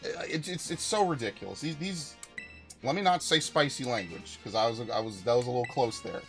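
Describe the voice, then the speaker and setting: Forceful ranting male game streamer. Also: medium pitch, animated, a little fast, soft background music. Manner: angry profane ranting with repeated restarts. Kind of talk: live gameplay stream commentary.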